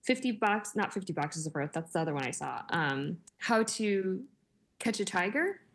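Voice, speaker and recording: A woman's voice: mid-range voice, sing-song, moderate pace. A woman in her forties in casual conversation, telling stories with lots of fillers and laughter. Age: 40s. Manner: chatty, laughing storyteller with many fillers. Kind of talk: casual chat.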